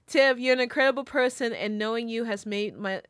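A woman's voice: on the high side, brisk, no room sound, clean studio sound. A woman streamer reading birthday messages aloud, emotional and tearful, laughing between lines. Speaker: VTuber streamer.

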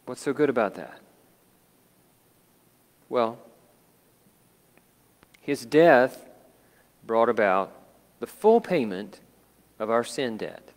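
A man delivers a sermon in a deliberate, unhurried way. His voice swells and then sinks to near quiet. A long reverb from a church sanctuary trails behind every phrase. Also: mid-range voice, lively intonation. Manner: slow, dramatic, dropping to hushed tones. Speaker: pastor.

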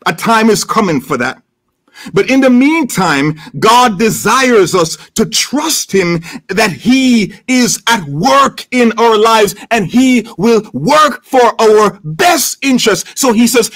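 A man preaches a sermon in a church with a strikingly high voice. He takes his time, speaking slowly and deliberately. He stacks up repeated phrases with rising emphasis. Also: animated, a bit bright. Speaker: pastor.

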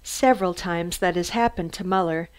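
A woman giving steady, measured audiobook narration. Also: lowish voice. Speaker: audiobook reader.

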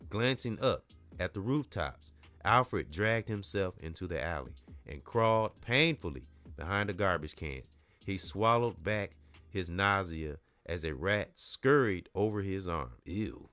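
A man's voice: deep voice, lively intonation, a little slow, fairly bright tone, no room sound, faint music behind. A man reading a novel aloud, stopping often to explain the story in a casual way and repeating himself as he corrects his reading. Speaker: book reader.

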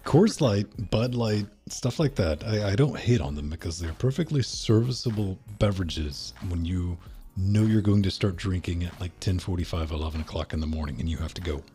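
Deep-voiced joking man. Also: normal speed, warm tone, soft background music. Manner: laid-back, joking, swears freely. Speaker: podcast co-host. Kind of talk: casual chat.

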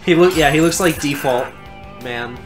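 A man co-hosting a game video, teasing his partner playfully in casual gameplay commentary. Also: a little high. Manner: playful, teasing, quick laughs. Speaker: gaming co-host. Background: game music.

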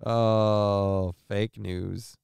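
A man's voice: fairly low pitch, flat delivery, drawn-out words, gravelly, darkish tone, clean tone, no echo. A man hosting a live stream show, talking casually and rambling through news stories in a crude, sarcastic way with lots of swearing.

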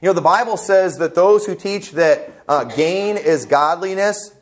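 A man's voice: sits high, measured pace. A man preaching a fervent, blunt sermon as pastor, quoting scripture with asides to the congregation. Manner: quotes scripture. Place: church sanctuary.

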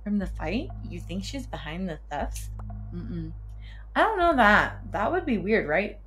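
A young adult woman co-hosting a podcast, chatting playfully and reading game lines aloud with excitable energy. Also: mid-range voice, a little slow, slight background noise. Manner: playful, excitable, reads dialogue with little voices. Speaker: podcast co-host playing a visual novel. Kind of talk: casual let's-play chat, reading game lines aloud.

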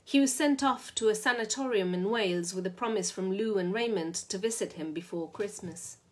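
A woman reading a short story aloud in a steady, measured way. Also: medium pitch. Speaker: reader.

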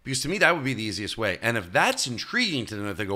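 A male comedian talking as a podcast guest, telling stories in an animated way and jumping into high, loud voices when he quotes people. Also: racing. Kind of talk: casual interview chat.

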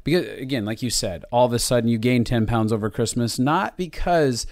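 A man's voice: medium pitch, fairly quick, darkish tone, no echo, studio quality. A man co-hosting a podcast, talking casually with jokes and earnest stretches. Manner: joking, earnest, conversational. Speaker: podcast co-host.

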